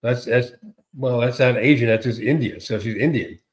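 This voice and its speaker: Sarcastic, animated man ranting. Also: medium pitch, normal speed. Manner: animated, sarcastic, repeats himself, acts out quotes. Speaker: co-host. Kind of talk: casual political chat.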